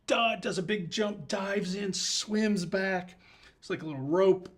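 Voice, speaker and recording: A man's voice: sits high, measured pace, a bit bright. A man, a guest on a show, telling a long story in a loose, rambling way. He acts out bits of dialogue as he goes. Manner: rambling, with many restarts and fillers. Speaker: guest, small business founder. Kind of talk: casual storytelling in conversation.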